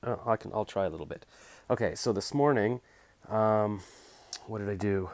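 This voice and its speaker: A man's voice: lowish voice, moderate pace, a little mellow. A middle-aged man rambling through a casual recap of his day, filmed on a phone while tidying his bedroom. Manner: rambling, chatty, self-mocking. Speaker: vlogger. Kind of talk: casual daily recap vlog. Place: bedroom at home. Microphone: phone camera.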